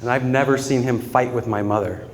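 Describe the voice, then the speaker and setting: A man's steady, mid-range voice moves fairly quickly as he gives his father's eulogy in a very noisy large hall. Addressing the mourners gathered, he shares earnest personal stories punctuated by frequent laughter.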